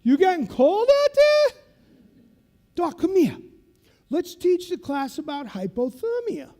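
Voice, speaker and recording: A man's voice: very high voice, huge pitch swings, slow pace, pitched above the performer's own voice, exaggerated voice. A man doing a bellowing drill instructor. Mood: taunting. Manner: shouting, taunting. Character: barking male drill instructor on a megaphone.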